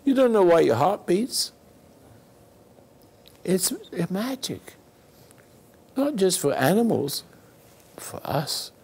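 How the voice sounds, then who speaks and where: A man with a heavily gravelly, husky voice hosts a spiritual call-in show. He speaks in an unhurried, drawn-out way and keeps putting rhetorical questions to his listener. His pitch sits a little high for a man. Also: very animated, darkish tone. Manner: slow, preachy, rhetorical questions. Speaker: radio show host.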